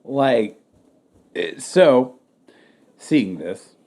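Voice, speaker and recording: A man's voice: mid-range voice, expressive, extremely slow, warm tone. A man co-hosting a podcast, telling a story in a rambling way, full of "like" and casual swearing. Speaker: podcast co-host. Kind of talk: casual chat.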